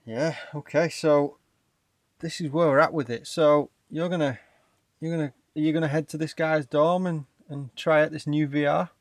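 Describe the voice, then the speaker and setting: A man's voice: on the high side, steady tone, normal speed, dry recording, studio quality. A man, co-hosting a podcast and setting up an improvised scenario in a chatty way. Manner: chatty, second-person scene-setting. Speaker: podcast co-host.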